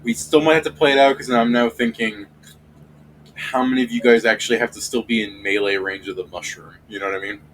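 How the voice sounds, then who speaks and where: A man's voice: mid-range voice, fairly even intonation, a little fast, fairly bright tone, a little hiss or hum. A man running a tabletop game, chatting loosely and profanely between turns and acting out the lines in his stories. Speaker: dungeon master and streamer. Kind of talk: casual out-of-game banter.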